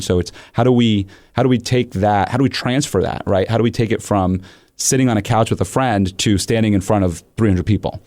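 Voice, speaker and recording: Low-voiced man hosting a podcast. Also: a little fast, no echo, studio quality. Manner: animated storytelling with acted-out quotes. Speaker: podcast host and coach. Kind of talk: conversational interview.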